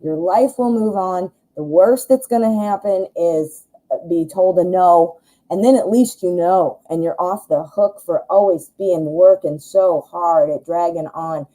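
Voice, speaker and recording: A woman's voice: on the low side, unhurried, warm tone, rough recording. A woman giving a chatty live tarot reading, reassuring and thinking aloud with plenty of fillers. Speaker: tarot reader.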